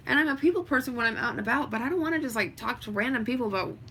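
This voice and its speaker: A vlogger talks loosely to viewers on a livestream from home, drifting between thoughts with plenty of fillers. Her fairly high, bright voice is forceful and lively in intonation and she races along, with a faint hum in the background.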